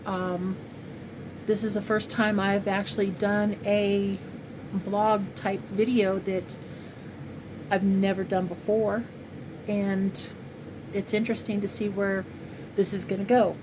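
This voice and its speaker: A crochet channel vlogger from California, a woman in her 50s, chats in a rambling, heartfelt way with lots of fillers in a casual personal vlog at home. Her mid-range voice is level, and she takes it slowly with long pauses; the home recording is noisy.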